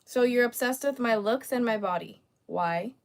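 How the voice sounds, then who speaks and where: A woman's voice: a little high, normal speed. Sassy woman chatting on a livestream. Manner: sassy, laughing, teasing chat commenters. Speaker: livestream host. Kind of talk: casual livestream chat with viewers.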